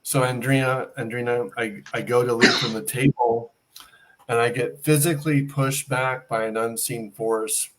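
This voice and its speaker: A man's voice: medium pitch, fairly even intonation, moderate pace, fairly bright tone. A middle-aged man telling a personal story as an interview guest, acting out the dialogue he quotes.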